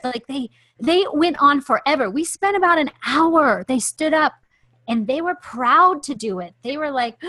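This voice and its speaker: A woman's voice: sits high, normal speed, no room sound. Impassioned woman podcast host, dry sound. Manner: impassioned, animated storytelling. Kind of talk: faith-based podcast chat.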